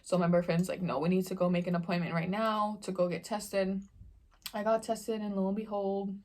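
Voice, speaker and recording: A young woman talking casually to her camera while she eats. She tells stories in a relaxed, slangy way, full of fillers, at a mid pitch. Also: moderate pace. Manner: chatty slangy storytelling while eating. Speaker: vlogger. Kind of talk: casual mukbang Q&A chat.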